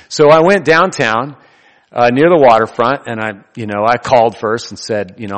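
A man's voice: medium pitch, animated, fairly quick, in a large hall. A man preaching a sermon in a loose, conversational way, joking and laughing between his points. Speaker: pastor.

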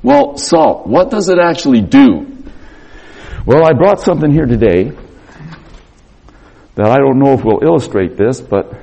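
Animated, husky male preacher. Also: medium pitch, a little slow, pauses often. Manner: animated storyteller acting out dialogue. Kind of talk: storytelling sermon.

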